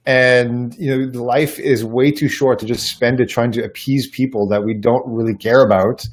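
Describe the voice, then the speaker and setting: Earnest man telling stories, mid pitch. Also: fairly even intonation, normal speed. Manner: earnest, reflective storytelling with frequent restarts. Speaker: podcast guest. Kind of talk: casual conversational interview.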